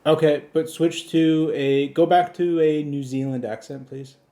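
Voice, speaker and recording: A man runs a comedy podcast and talks back and forth with a voice assistant. His tone is dark and mellow. He speaks in a dry, insistent way and often lectures. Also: a little high, steady tone, measured pace. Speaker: podcast host.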